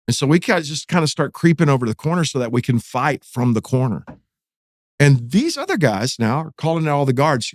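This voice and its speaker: A pastor recounts a story on a podcast, his pitch swinging high and low as he acts out what others said. The sound is dry and close, with no room around him. He talks in a lively, storytelling way. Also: moderate pace, no echo. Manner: animated, acts out quotes with rising pitch.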